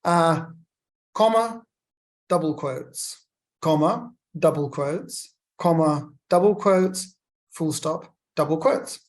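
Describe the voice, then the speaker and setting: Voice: medium pitch, slow. Lecturer reading out punctuation examples. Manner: explains step by step, reads examples aloud with punctuation; chatty asides to students. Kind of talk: legal writing lecture.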